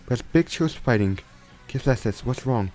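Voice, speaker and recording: A man's voice: medium pitch, expressive, moderate pace, darkish tone, soft background music. A young man casually retelling a fan story, rambling with frequent restarts and self-corrections.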